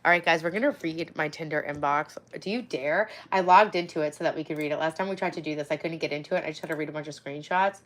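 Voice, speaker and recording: Bright-voiced woman in her forties chatting. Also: sits low, fast talker, hardly any pauses. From Long Island, New York. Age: 40s. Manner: playful, chatty, thanks viewers by name; swears casually. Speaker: livestream host. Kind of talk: casual livestream chat.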